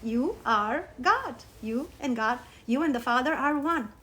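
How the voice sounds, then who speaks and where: A woman from Romania, teaching spirituality on a livestream through animated personal stories and emphatic swings down to soft asides. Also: sits high, a little slow. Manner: animated, storytelling, emphatic with sudden soft drops. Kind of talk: live-streamed teaching talk with personal stories. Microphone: phone.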